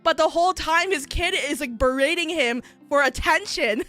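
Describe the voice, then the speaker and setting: Bright high-voiced woman chatting unhurriedly. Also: moderate pace, soft background music. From United States. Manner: animated, filler-heavy, acts out voices in stories. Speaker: VTuber streamer. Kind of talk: casual chat storytelling.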